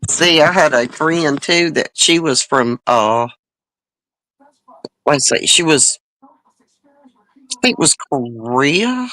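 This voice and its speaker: A woman's voice: sits low, expressive, slow pace, pauses often, fairly bright tone, no room sound, poor audio. A woman hosting a casual panel chat, telling rambling stories and chuckling often.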